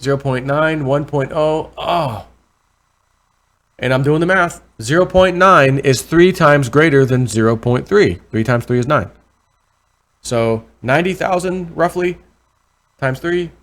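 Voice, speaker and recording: Guy rambling thru price charts on his channel, keeps correcting himself, gets worked up over big numbers. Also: medium pitch. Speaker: crypto vlogger. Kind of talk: casual commentary over charts.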